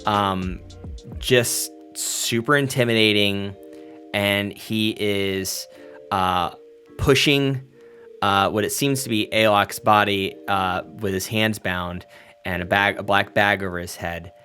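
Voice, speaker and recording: A game master narrates a tabletop game, describing scenes loosely with many fillers. His lowish voice is steady, slow, pushed and bright, with soft background music behind it.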